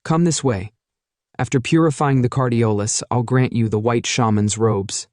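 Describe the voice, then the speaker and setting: A man voicing a stern old beastman leader, speaking in a plain, measured way. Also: medium pitch, a little mellow, dry recording, studio quality, close to an everyday voice.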